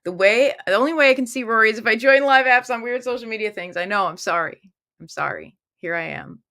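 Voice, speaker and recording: A woman's voice: a little high, fairly quick, pushed and bright. A woman hosting a casual tarot livestream from a room at home, talking into her phone, chatty and upbeat as she reads viewer comments aloud.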